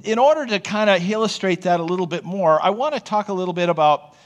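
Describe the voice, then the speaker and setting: A man's voice: sits high, fast, highs cut off. A man who is a pastor, preaching a sermon in a conversational, storytelling way and often checking in with the congregation. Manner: storytelling, animated.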